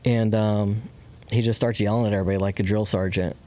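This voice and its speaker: A man's voice: lowish voice, little pitch movement, fast talker, warm tone. A man candidly telling a personal story as a podcast guest. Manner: candid, acts out quoted voices.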